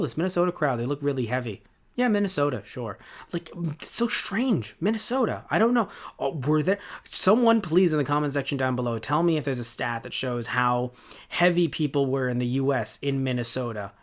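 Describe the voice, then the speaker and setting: A man in his twenties hosting a podcast, giving a casual review in a rambling, sarcastic way with lots of fillers and restarts. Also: fairly high pitch. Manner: rambling and sarcastic, with many fillers and self-corrections. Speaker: podcast host.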